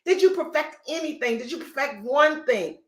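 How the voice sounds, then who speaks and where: A woman's voice: high-pitched, normal speed, a bit bright. A middle-aged woman real estate coach giving an emphatic, preachy motivational talk on a live stream. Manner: emphatic, repetitive, preachy, folksy. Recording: echoey room.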